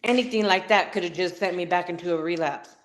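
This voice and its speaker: A woman's voice: lowish voice, fast, slight background noise. A woman guest telling her personal story in an interview, earnest and emotional.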